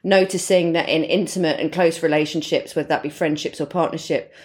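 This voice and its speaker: A woman's voice: low voice, steady tone, fairly quick, a little mellow. A woman co-hosting a podcast, talking through astrology in a rambling, casual way and laughing often. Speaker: podcast co-host.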